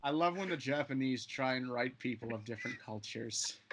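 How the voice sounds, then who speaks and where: A man's voice: medium pitch, a little fast, background noise. A man co-hosting a casual fan podcast, dropping short dry remarks. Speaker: podcast co-host.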